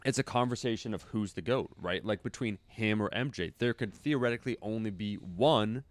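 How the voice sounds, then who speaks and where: A man's voice: lowish voice, fairly quick, no room sound. A man co-hosting a podcast in a studio, telling rambling stories with lots of fillers in casual chat. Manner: rambling, animated storytelling with fillers. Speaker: podcast co-host.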